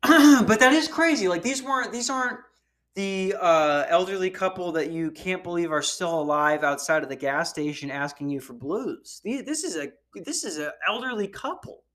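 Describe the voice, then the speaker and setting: A man's voice: high-pitched, expressive, moderate pace, a bit bright. A man hosting a podcast, riffing in casual, profane, rambling comedic commentary on news stories. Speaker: podcast host.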